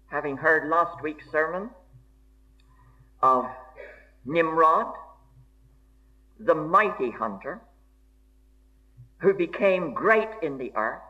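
Preacher, male, fairly high voice, measured and emphatic delivery, dull old recording. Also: expressive. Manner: slow, deliberate and emphatic, old-fashioned formal diction. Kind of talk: sermon.

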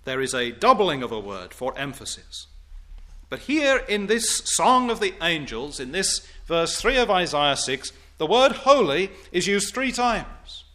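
Male preacher, slow unhurried delivery, bright voice, formal old-style sermon, emphatic on scripture. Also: high voice, sing-song. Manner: slow, deliberate, emphatic preaching with rising declamation on quotes; formal, old-fashioned wording.

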